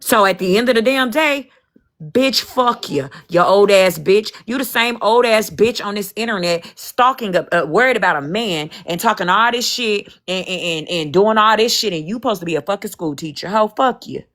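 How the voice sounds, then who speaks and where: A woman's voice: medium pitch, lively intonation, normal speed, a bit bright. A woman hosting a livestream and talking casually as a mother, ranting in a heated, defiant way and swearing freely.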